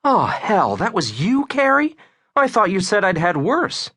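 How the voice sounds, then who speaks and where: A man's voice: sits high, wildly swooping pitch, measured pace, fairly bright tone, breathy edge, pitched above the performer's own voice, full character voice. A man voicing a bold, sassy young woman who has been drinking. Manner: sassy, teasing.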